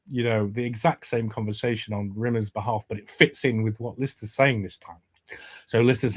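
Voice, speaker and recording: A man co-hosting a casual podcast chat, retelling scenes in an animated way and laughing as he quotes the lines. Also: mid-range voice. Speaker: podcast co-host.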